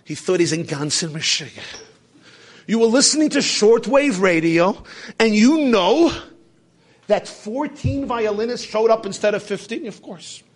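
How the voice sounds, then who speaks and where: A man preaching a sermon, telling a story, swinging between shouts and hushed asides, and sprinkling in Hebrew and Yiddish terms. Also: high-pitched, expressive, a little slow, breathy edge.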